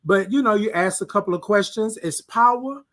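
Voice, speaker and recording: Casting note: male host with a high voice, motivational morning livestream, repetitive and preachy. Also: moderate pace. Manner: reads out viewer comments, preachy and repetitive; swings between soft hushed words and loud emphatic bursts.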